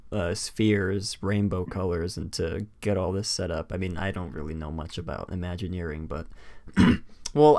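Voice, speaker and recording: A man's voice: lowish voice, darkish tone. A young man co-hosting a casual podcast chat, rambling with many fillers and restarts, and he has the hiccups. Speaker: podcast co-host.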